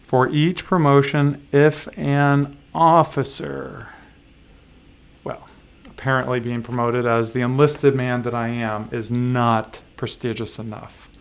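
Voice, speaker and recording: A man streaming a solo board game session, walking through its rules in a halting, casual way with frequent fillers and self-deprecating asides. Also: mid-range voice, level tone, vocal fry, smooth.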